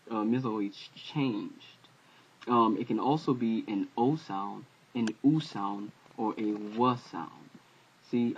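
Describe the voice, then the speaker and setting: A man giving an informal home-made alphabet lesson, talking haltingly with many fillers and self-corrections. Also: fairly low pitch. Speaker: language teacher. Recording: dull lo-fi home video audio.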